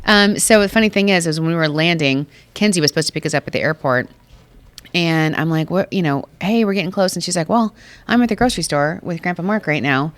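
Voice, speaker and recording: Lady chatting on a podcast, smooth low-ish voice, dry close sound. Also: quick pace, no room sound. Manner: chatty storyteller, animated quotes. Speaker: podcast co-host. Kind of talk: casual chat. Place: photo studio in a mall.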